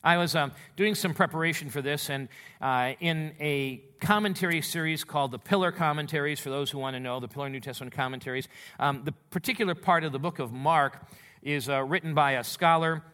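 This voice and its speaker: A man preacher explaining a Bible passage in a conversational, animated way and reading scripture aloud. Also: on the high side, fairly quick. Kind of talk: sermon.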